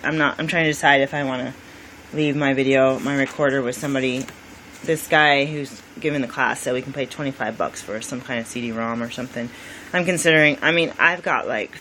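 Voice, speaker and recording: A woman's voice: a bass voice, a bit bright, a little hiss or hum, poor audio. A woman in her thirties, a medical student, talking in a rambling personal vlog, venting and acting out quoted exchanges.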